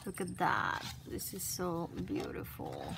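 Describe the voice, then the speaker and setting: A woman's voice: lowish voice, huge pitch swings, slow, gravelly. A woman vlogger at home, gushing and exclaiming as she opens crafted mail in casual unboxing chat. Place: at home by her desk. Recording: noisy background hiss.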